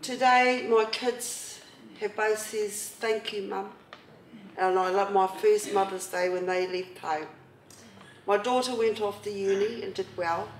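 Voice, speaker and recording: A middle-aged New Zealand woman shares personal stories at a community event in a marae meeting hall, chatty and lively, laughing often. Her medium-pitched voice is unhurried, with a faint hiss or hum. The echoey hall and distant mic make her sound far away.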